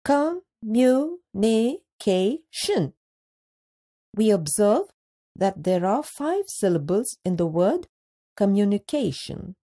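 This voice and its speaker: A woman narrating a scripted lesson for children, slow and deliberate, drawing out each word. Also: medium pitch, sing-song, warm tone. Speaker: teacher.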